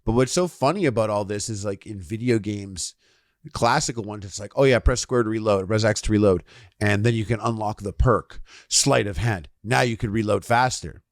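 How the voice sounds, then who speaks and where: A man in his thirties, podcast co-host, chatting casually and telling animated stories with sudden loud shouts when he quotes himself. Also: on the low side, normal speed, dry recording, clean studio sound. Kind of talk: casual chat.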